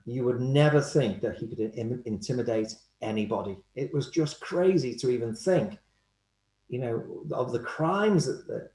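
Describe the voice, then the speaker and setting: Man, animated anecdotal storyteller, roomy echoey sound. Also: medium pitch. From Liverpool, England. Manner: animated storyteller, acts out quoted voices. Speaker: guest, hypnotherapist.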